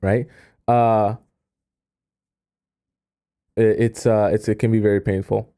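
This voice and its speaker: A man coaching on dating in a casual live stream, talking quickly with sarcastic asides while he reads viewer questions aloud and reacts to them. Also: lowish voice, flat delivery, dark tone, clean tone.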